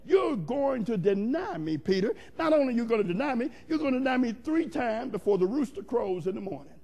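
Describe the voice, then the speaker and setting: The Lord as a patient, insistent male teacher, as a preacher puts him on in a sermon. He asks and warns calmly and steadily, in a high voice with a gravelly grain. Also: brisk, exaggerated voice. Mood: warning. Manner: calm, insistent questioning.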